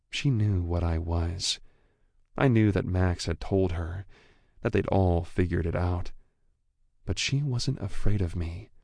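Deep, gravelly male audiobook narrator. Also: a little mellow, dry recording, studio quality. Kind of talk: first-person scripted narration.

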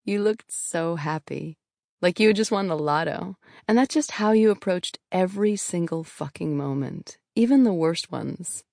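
Low-voiced woman reading her frank memoir. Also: moderate pace, creaky, a little mellow, dry recording, clean studio sound. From New York, USA. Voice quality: candid, frank. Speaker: author reading her own book. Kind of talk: audiobook memoir narration.

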